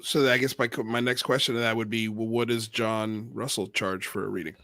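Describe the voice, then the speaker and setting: Bright-voiced joking male host. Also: lowish voice, little pitch movement, fairly quick. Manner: joking and laughing easily. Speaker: show host. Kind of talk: casual interview chat.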